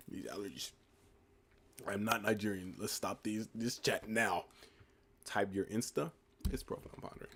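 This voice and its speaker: Young male streamer, 19, low and gravelly, relaxed chat reading comments. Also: a little slow, long pauses, a little hiss or hum. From United States. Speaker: livestream host. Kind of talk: casual live-stream chat answering comments.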